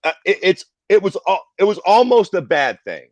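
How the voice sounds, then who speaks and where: A brash man co-hosts a casual podcast, swearing freely and playing the contrarian. His voice sits high for a man. It is recorded dry and close to the mic. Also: very animated, normal speed, no room sound. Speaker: podcast co-host.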